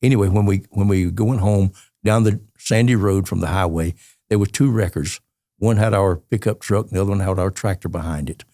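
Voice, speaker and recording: An elderly man with a Southern US accent tells colorful, rambling stories as a podcast guest. His voice is low, dark and gravelly. The recording is close and dry. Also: fairly quick, dry recording. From Georgia, USA. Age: 80s. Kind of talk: storytelling interview.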